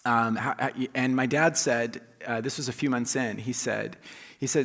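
A man's voice: medium pitch, a little fast, a bit bright, husky. A man preaches in a loose, friendly way, stumbling over restarts and chuckling at his own stories. His voice sits in a middle register. It rings out through a large church sanctuary with a long echo trailing behind it. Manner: conversational and self-deprecating, with restarts and laughs. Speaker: pastor. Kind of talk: sermon. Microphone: handheld or lapel mic, checked aloud. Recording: long reverb of a large hall.

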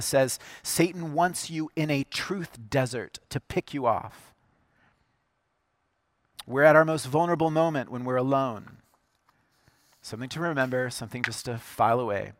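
A man's voice: a little high, no room sound. A man preaching a sermon, earnest and emphatic, repeating key phrases for weight. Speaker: pastor.

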